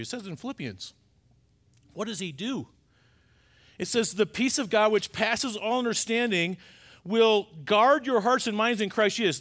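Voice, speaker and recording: Middle-aged man, pastor preaching, fairly high voice, urgent peaks and hushed asides. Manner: emphatic, swings between loud urgent stresses and quiet confiding asides. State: choked up. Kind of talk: sermon.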